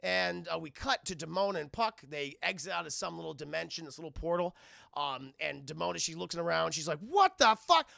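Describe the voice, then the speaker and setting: A man's voice: fairly high pitch, fairly even intonation, fairly quick, creaky, bright, forceful tone, dry recording, clean studio sound. A man recapping a cartoon episode to his live chat, rambling, swearing a lot and speaking animatedly. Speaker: cartoon reviewer and streamer.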